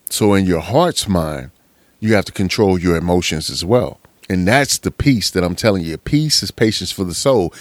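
A man's voice: fairly low pitch, no echo. A man giving a casual, preachy motivational talk in slangy speech, often calling the listener man. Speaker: motivational speaker.

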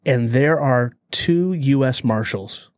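Guy cohost telling a wild story, builds it up slow, dry mic. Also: mid-range voice, no echo. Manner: animated storyteller, dramatic pauses. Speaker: podcast co-host. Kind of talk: casual storytelling chat.

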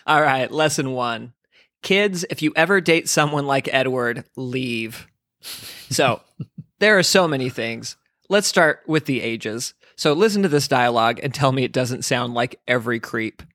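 A man co-hosting a comedic book podcast, sarcastic and quick to laugh. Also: medium pitch, lively intonation, fairly bright tone, dry recording. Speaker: podcast co-host.

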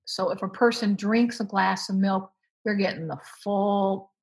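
A woman speaking as a guest expert, explaining how the body handles food in an animated, emphatic way. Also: medium pitch, a little slow, slightly rough, low-quality recording. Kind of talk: explanatory conversation.

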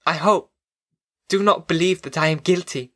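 A man voicing a resigned, gentle young woman prisoner in an audiobook, reading her lines softly and pleadingly. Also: a little high, normal speed, no echo, studio quality, voice pushed up, close to an everyday voice. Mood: tender.

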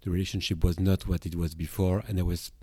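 Low, mellow Belgian-French man, reflective. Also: little pitch movement, quick pace, husky, no echo. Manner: reflective, with hesitations and restarts. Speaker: therapist. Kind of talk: podcast monologue on emotions.

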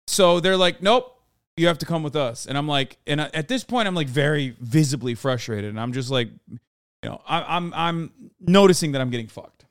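Animated young man telling a story. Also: on the high side, moderate pace, clean tone, no room sound, studio quality. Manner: animated storytelling, acting out quotes, frequent swearing. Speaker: podcast host. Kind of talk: casual storytelling chat.

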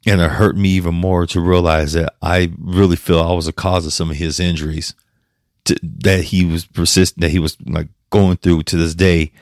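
Deep-voiced man, choked up on his podcast. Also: flat delivery, no echo, clean studio sound. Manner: emotional, halting, with restarts and laughs through tears. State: choked up, near tears. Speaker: podcast host. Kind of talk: personal podcast monologue.

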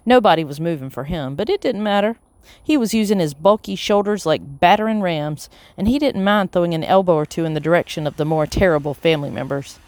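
An audiobook narrator reading a children's chapter book in a steady, even voice. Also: mid-range voice, a little fast, dry recording. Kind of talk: scripted storybook narration.

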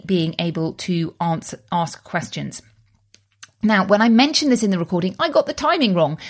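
A woman hosting a podcast in a bubbly, upbeat and emphatic way. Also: mid-range voice. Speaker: podcast host.

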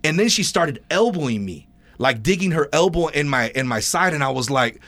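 A man hosting a podcast, telling a long story in casual, animated chat full of "you know" and "bro". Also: fairly high pitch, normal speed. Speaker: podcast host.

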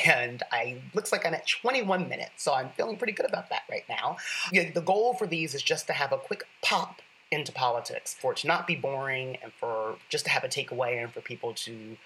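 A bright, clear-toned podcast host talking through a solo political show in a loose, conversational way. The delivery is earnest and chatty, with a self-deprecating streak, and a faint ambient hum sits behind it. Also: medium pitch, low-quality recording.

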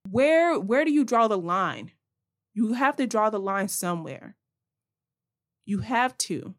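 A young woman hosting a podcast, giving blunt, passionate advice straight to her listeners in a casual monologue. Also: mid-range voice. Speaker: podcast host.

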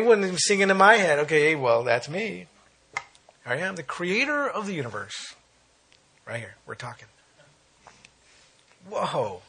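A man preaching a sermon, reading scripture aloud and breaking off into animated exclaims. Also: a little high, breathy edge.

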